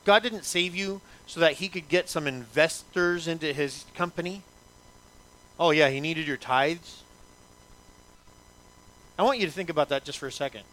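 A man's voice: on the high side, fairly quick, hardly any pauses, fairly bright tone. A male pastor preaching a sermon in an emphatic, repetitive way, asking the congregation many rhetorical questions.

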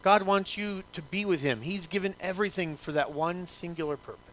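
A man's voice: high-pitched, a little fast, fairly bright tone, slight background noise. A male pastor preaching a sermon in an emphatic, repetitive way, asking the congregation many rhetorical questions.

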